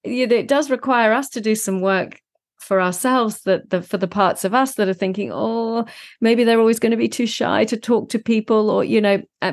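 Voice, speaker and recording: Woman podcast host, low pitch, earnest and affirming, conversational. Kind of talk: casual conversation.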